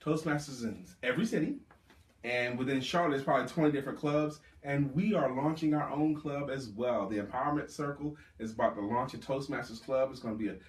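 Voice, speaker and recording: A man coaching a live audience on sales, speaking with emphatic, drawn-out stress on key words. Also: medium pitch. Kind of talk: live sales workshop talk. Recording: roomy, distant mic.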